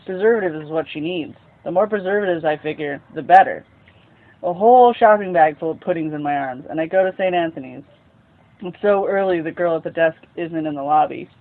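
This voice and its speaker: A man hosting a story time show, reading a novel aloud in a casual, unhurried way with lively bursts. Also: a little high. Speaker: storyteller host. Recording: tinny phone-like sound.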